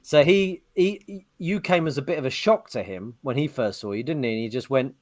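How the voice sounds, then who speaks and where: A podcast co-host with a mid-range voice talks briskly, spinning rambling stories in casual chat. He acts out the lines he quotes, animating each retelling.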